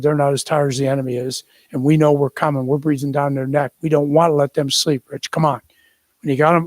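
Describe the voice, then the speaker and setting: An older man, a retired general, telling an animated war story to a company audience, acting out the quotes and often restarting his sentences. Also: a little high, no room sound. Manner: animated anecdote with acted quotes, many restarts.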